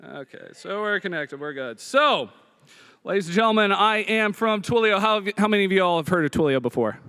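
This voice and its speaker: High, smooth-voiced joking man from Rhode Island. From Providence, Rhode Island. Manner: joking, fast, excitable, frequent uh fillers. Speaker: company speaker giving a live demo. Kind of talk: live coding demo talk. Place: stage at a hackathon event.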